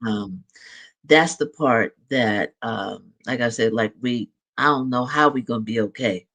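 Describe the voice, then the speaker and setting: A man hosting a talk show, measured and reflective, with slow pauses and ums. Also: mid-range voice, bright, forceful tone. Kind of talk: livestream talk show conversation.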